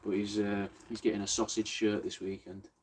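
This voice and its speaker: A man's voice: fairly low pitch, level tone, a little fast, a little hiss or hum. A young man hosting a casual craft stream, joking and swearing freely in laid-back banter. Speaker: podcast host livestreaming crafts. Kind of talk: casual chat.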